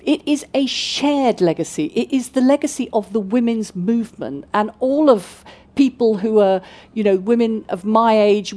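Brief: sixties woman, festival guest speaker, lively anecdotal delivery, plenty of ums. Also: mid-range voice. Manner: animated storytelling with fillers. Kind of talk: festival talk answering questions.

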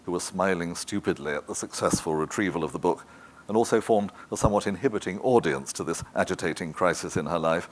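A man narrating a literary novel in a measured, even manner. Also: low-pitched. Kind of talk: scripted audiobook narration.

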